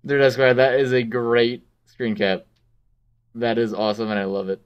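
A man's voice: medium pitch, flat delivery, normal speed, clear, resonant tone, highs cut off. A man chatting casually with viewers and his co-host during a game stream. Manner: casual, chatty, fillers and restarts.

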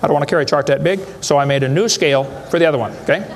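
A man's voice: fairly high pitch, rapid-fire, slight background noise. A man speaking to a live audience, giving a humorous lecture in a folksy, joking way with rhetorical questions.

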